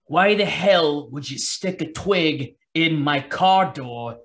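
A man imitating his angry father, yelling with an Italian New York accent. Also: on the high side, animated, slow pace. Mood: exasperated. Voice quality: yelling, exasperated.

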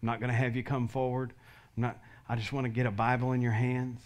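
A man's voice: medium pitch, flat delivery, fast. A male pastor giving an earnest sermon altar call, leading the congregation in prayer line by line. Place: church sanctuary.

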